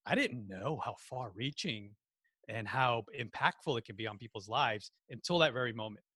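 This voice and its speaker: A man with a New Jersey accent, a podcast guest telling animated stories and acting out quotes in casual chat. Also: on the high side, normal speed, slightly rough, no echo, studio quality. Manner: animated storyteller, acts out quotes.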